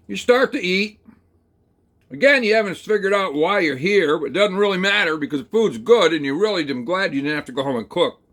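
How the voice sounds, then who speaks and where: A man telling a rambling, folksy second-person story, talking slowly through it with plenty of hesitations and fillers. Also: high-pitched, lively intonation, a bit bright. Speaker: channel host.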